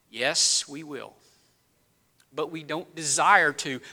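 A preacher with a high, bright, ringing voice delivers a sermon in church. He drops to low, hushed phrases, then climbs back to loud, urgent appeals. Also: slow, long pauses. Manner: preaching with rising and falling intensity, dropping low then building loud. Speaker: pastor.

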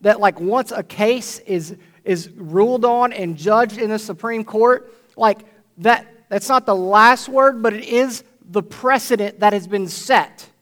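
A man's voice: high voice, unhurried, a bit bright. A male pastor preaching a sermon to his congregation in a conversational way, often checking in with "right?". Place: church before a congregation.

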